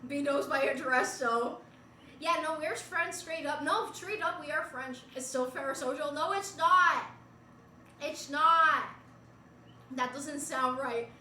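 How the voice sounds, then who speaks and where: A woman's voice: high voice, a little slow, pushed and bright, recorded from a distance, a little hiss or hum. Young woman streamer from Puerto Rico, chatty and giggly, echoey bedroom, set back from the mic. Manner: giggly, chatty, reads chat aloud. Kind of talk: casual chat with viewers. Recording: roomy bedroom, voice away from mic.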